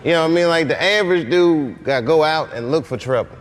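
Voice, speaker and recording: A man's voice: fairly high pitch, fast talker. A man guesting on talk shows, telling comic stories and laughing through them while acting out other people's lines. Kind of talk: comedic storytelling in interviews. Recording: noisy television clip audio.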